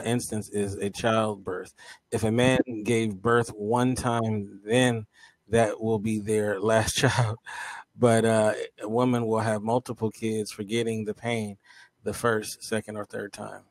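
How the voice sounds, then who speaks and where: A man's voice: lowish voice, fairly even intonation, a little slow, no echo. A man co-hosting a casual talk show, chatting loosely and reading viewer comments aloud, with many fillers and restarts. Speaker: co-host.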